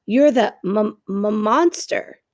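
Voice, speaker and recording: A woman's voice: medium pitch, animated, a little fast, creaky, dark tone, no echo, studio quality. Woman playing a gushing theatrical opossum. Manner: dramatic, gushing. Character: theatrical chatty female opossum, a born ham.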